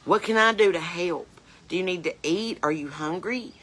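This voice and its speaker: A woman's voice: fairly low pitch, moderate pace, a bit bright, breathy edge. Woman playing blunt porch-smoking mom. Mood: tearful. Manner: folksy, earnest, rambling with lists. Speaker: comedian in character. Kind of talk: comedic character monologue.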